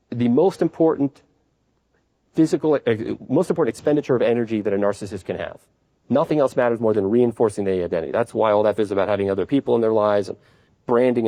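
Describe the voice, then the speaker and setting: A man's voice: mid-range voice, warm tone. A man giving a conference lecture as a psychiatrist. He speaks in a conversational way and acts out examples as he explains. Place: conference at a hotel.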